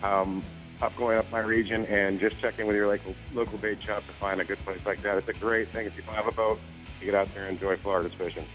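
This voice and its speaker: Male fishing-report host, lowish voice, matter-of-fact, faint music under. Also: fast talker, poor audio. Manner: steady, informative listing.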